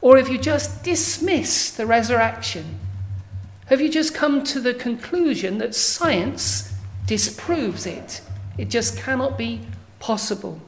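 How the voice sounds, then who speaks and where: A woman preaching a sermon in a measured, emphatic way, building to strong declarations. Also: a little high, animated.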